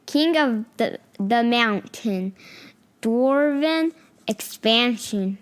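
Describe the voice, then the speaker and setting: A woman's voice: on the high side, slow. A woman co-hosting a casual game podcast, reading game descriptions aloud, stumbling over names and teasing her co-host.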